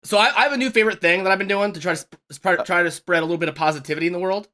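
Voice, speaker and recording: A man's voice: high voice, very fast, pushed and bright. A man co-hosting a podcast in casual chat, rambling and restarting his sentences often. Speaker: podcast co-host.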